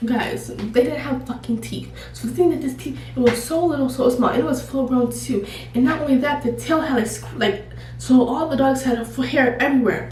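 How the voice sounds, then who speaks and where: A woman YouTuber telling a casual storytime, animated and profane, laughing often. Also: sits high. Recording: echoey room, distant mic, faint noise.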